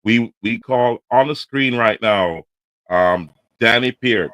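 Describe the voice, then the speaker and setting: Male podcast host, bright tense voice, halting delivery, dry close sound. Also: mid-range voice, dry recording, lo-fi sound. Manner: halting, many fillers and restarts. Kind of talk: casual show hosting.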